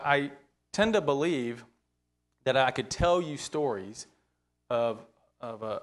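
A man of medium pitch teaching a church group. He walks through scripture in an informal, talky way and keeps checking in with his listeners. He sounds earnest and open about his feelings. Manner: conversational, often checks in with "right?"; earnest, openly emotional about faith.

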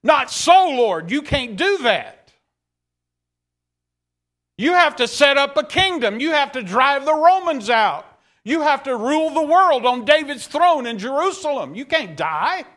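A man's voice: extremely high pitch, sing-song, measured pace, fairly bright tone, pitched above the performer's own voice, full character voice. A man preacher voicing a headstrong disciple who insists firmly that his master must not die. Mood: insistent. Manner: insistent, protesting.

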